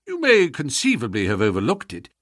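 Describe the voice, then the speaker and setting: A man reading the part of a calm detective, speaking in a measured, even way. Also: medium pitch, no echo, studio quality, voice pushed down. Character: calm, cool male detective.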